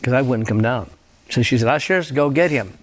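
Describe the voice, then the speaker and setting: A man with an average-pitched voice recounts his own testimony in an interview. He talks conversationally and often repeats words as he goes. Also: animated, brisk. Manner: conversational storyteller who repeats himself. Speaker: faith healer telling his story as a guest.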